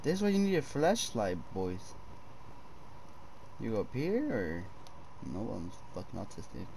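A man's voice: fairly low pitch, big pitch swings, unhurried, creaky, darkish tone, a little hiss or hum. A young man commenting on a horror game for viewers, swearing a lot, jumpy, and addressing them as boys. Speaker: gaming streamer.

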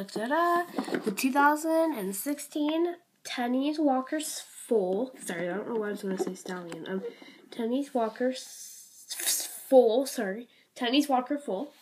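A teenage girl talks through her toy haul in an unhurried, meandering way. She keeps stopping for ums and likes and says sorry for small slips. Her pitch sits at an ordinary middle level. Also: a little mellow, husky. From Canada. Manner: rambling, many ums and likes, apologetic. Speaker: toy collection vlogger. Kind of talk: casual show-and-tell vlog.

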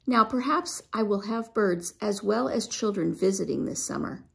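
A woman's voice: mid-range voice, expressive, normal speed, creaky, a bit bright. A woman reading as a kindly old grandfather. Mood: fond.

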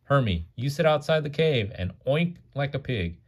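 A man's voice: mid-range voice, lively intonation, normal speed, husky, pitched above the performer's own voice. A man voicing a bold, clever prospector while reading a storybook aloud. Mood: urgent.

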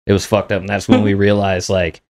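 Deep-voiced man telling profane stories. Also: little pitch movement, fairly quick, darkish tone. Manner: profane, laid-back anecdote telling. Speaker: podcast host. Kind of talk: casual storytelling.

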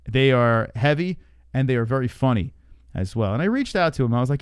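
Male host, casual fight-stream banter, crude and joking, clear voice in a dry room. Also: medium pitch, animated, fairly quick, no echo.

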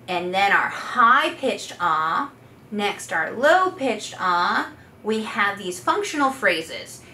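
A woman, a voice therapist, coaching listeners through voice exercises and demonstrating each one aloud. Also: medium pitch. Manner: coaching, demonstrating loud sustained vowels. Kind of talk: instructional voice exercise demo. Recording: echoey room, faint background noise.

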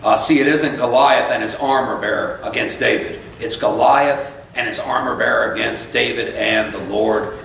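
A man preaching a sermon in a church, fired up and conversational, breaking off into quick asides and correcting himself. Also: medium pitch, gravelly, fairly bright tone. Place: church sanctuary. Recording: very echoey church room, voice from far off, faint noise.

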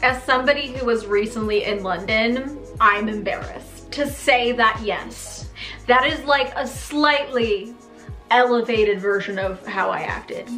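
An American woman hosting a reaction video in a sarcastic, self-mocking way. Her voice sits high and sounds bright. Faint music plays behind her. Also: a little slow. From United States. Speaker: host.

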